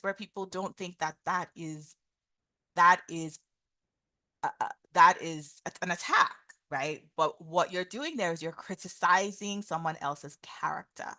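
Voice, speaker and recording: A woman's voice: on the low side, pushed and bright, dry recording, clean studio sound. A woman hosting a live talk on communication, teaching in a casual way, improvising examples aloud and repeating her questions. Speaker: host and communication coach.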